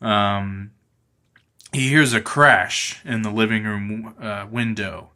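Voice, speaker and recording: Slow, halting man telling a story. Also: lowish voice, steady tone, sharp tone. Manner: slow, halting, frequent fillers and throat clearing. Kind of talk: improvised comic storytelling.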